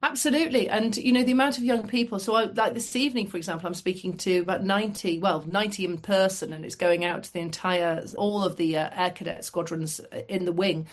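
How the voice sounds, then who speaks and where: A middle-aged woman from the United Kingdom, a podcast guest telling lively anecdotes with self-deprecating asides. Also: mid-range voice, fast talker, few pauses. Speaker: guest, former fast jet pilot. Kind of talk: casual storytelling.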